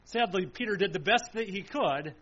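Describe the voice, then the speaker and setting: Male preacher with a high voice, solemn and emphatic, full of repetition and rhetorical questions; muffled lo-fi sound. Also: lively intonation, normal speed, fairly bright tone, husky. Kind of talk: sermon.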